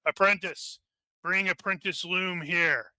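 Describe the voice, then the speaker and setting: A man voicing an old male wizard who speaks formally and cryptically, with measured grandeur. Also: high-pitched, fairly even intonation, pushed and bright, no echo, full character voice. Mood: stately.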